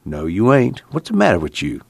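A man's voice: fairly low pitch, huge pitch swings, a little fast, creaky, dry recording, clean studio sound, voice pushed up, heavily acted. A man reading aloud voicing a practical, blunt young man from a rural family in an audiobook, with a folksy drawl. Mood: tense.

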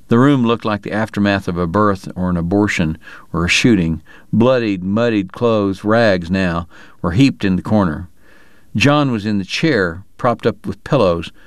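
A man narrating a novel in a measured, even reading. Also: lowish voice, smooth, no room sound, studio quality. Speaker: audiobook narrator. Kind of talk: scripted narration.

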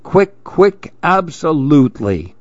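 A man voicing a curious, dreamy male mouse in a storybook reading, with a soft, wondering way of talking. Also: on the high side, sing-song, slow pace, dry recording, dull audio. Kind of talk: storybook read-aloud.

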